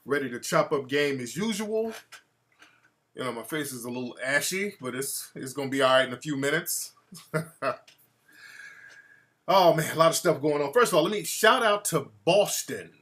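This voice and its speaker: A man chatting casually to his live-stream audience. His voice is bright and forward, and he talks in a relaxed, slangy way, greeting viewers and giving shout-outs as he goes. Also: a little high, moderate pace, long pauses. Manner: laid-back slangy talk with many shout-outs. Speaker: livestream host.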